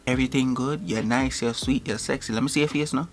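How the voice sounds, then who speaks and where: A man's voice: mid-range voice, fast, slight background noise, lightly acted. A man putting on a flirty Jamaican-accented guy. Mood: laid-back flirty. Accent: Jamaican, put on. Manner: slangy, relaxed patois-style chatter.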